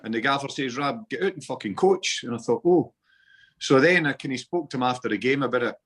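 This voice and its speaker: A man's voice: medium pitch, expressive, fairly quick, fairly bright tone. A Scottish man in his forties, a football podcast guest telling stories in casual chat with local slang. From Scotland. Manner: chatty storytelling with local slang.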